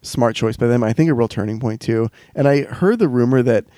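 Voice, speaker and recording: Laid-back guy on a podcast, mellow voice, asks follow-ups, dry close mic. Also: mid-range voice, fairly quick, no room sound. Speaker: podcast co-host. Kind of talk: casual chat.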